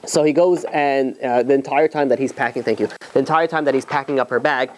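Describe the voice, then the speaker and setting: A man's voice: medium pitch, brisk, a little hiss or hum. Male rabbi, loose conversational storyteller, filler-heavy. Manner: conversational, many fillers and restarts. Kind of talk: storytelling talk to an audience.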